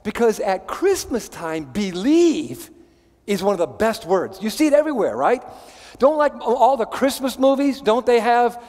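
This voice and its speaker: High-voiced animated male pastor. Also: moderate pace, long reverb tail. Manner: animated, conversational, many restarts. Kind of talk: sermon. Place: church sanctuary.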